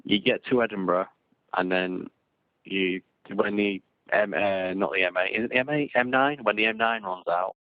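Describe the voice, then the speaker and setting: Deep-voiced man, tinny line. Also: normal speed, no echo. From England. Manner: rambling, repeats words, frequent restarts. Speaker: podcast co-host. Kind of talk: casual live-stream chat. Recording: tinny phone-like dry sound.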